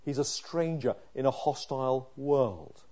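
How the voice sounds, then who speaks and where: A man preaching a sermon, reading scripture aloud and voicing the psalmist's prayers, moving from hushed pleading to loud, impassioned emphasis. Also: mid-range voice, a little slow, dull audio.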